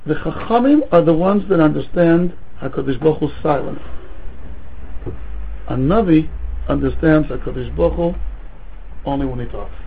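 A man, a rabbi teaching a Talmud class, lecturing with rhetorical questions and stories in an animated way, mixing Hebrew and Yiddish terms into his English. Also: a little high, gravelly, slight background noise. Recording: tinny phone-like recording.

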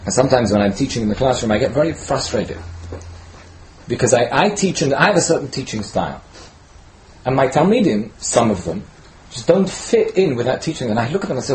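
A man's voice: medium pitch, sing-song, fairly quick, a little mellow, a little hiss or hum, poor audio. A man teaching an informal sermon in a conversational way, often checking in with "right?" and restarting words as he searches for them. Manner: conversational, peppered with "right?" tag questions. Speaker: teacher giving a Torah talk.

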